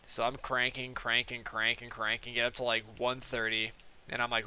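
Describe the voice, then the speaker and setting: Rambling profane young man, bright voice. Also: medium pitch, little pitch movement, moderate pace, clear, resonant tone. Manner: rambling, profane, filler-heavy. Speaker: gaming channel host. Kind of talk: casual storytelling over gameplay.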